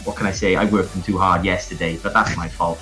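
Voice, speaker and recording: Music plays under a quick, steady, low-voiced man with a Welsh accent. Originally from South Wales, he's a tournament caster covering an online fighting game event indoors at home, bantering casually and hyping the audience.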